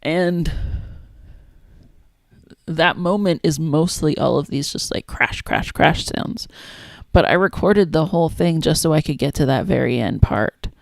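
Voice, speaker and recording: Creaky-voiced woman chatting while she works. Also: low-pitched, unhurried, darkish tone, dry recording. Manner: chatty, thinks aloud, trails off and restarts. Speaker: zine maker streaming her work. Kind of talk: casual livestream chat while working.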